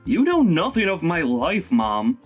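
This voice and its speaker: A man voicing a young husband who sternly reproaches his mother in an animated story drama. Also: a little high, measured pace, faint music behind, exaggerated voice. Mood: reproachful.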